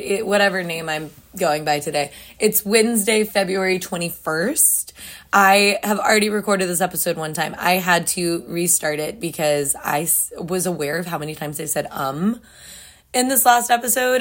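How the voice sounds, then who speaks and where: A young woman hosts a casual solo morning podcast in a lowish, fairly bright voice. She's chatty and self-deprecating, laughs often, and has just woken up without having her coffee yet.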